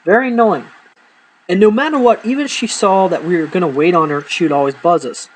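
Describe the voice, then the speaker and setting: A man casually telling profane, animated stories from his life to camera, acting out the people in them. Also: high voice, fairly quick, slight background noise, low-quality recording.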